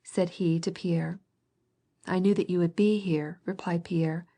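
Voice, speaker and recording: A woman reading a classic novel aloud as an audiobook narrator, in a measured way, gently voicing each character. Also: lowish voice, steady tone.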